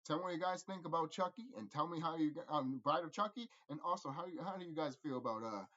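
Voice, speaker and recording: A man rambling through a casual movie review, profane and animated, laughing often. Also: a little high, fast, muffled recording.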